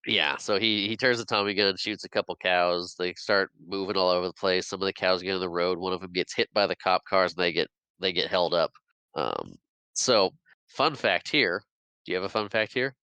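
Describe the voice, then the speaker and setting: A man's voice: low voice, moderate pace, bright, forceful tone, smooth, no room sound, rough recording. A man co-hosting a podcast, rambling through a casual film recap and laughing often. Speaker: podcast co-host.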